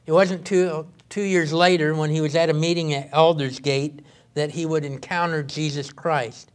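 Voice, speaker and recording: A man's voice: on the high side, steady tone. Earnest male pastor preaching a sermon. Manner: earnest, halting with many fillers and restarts.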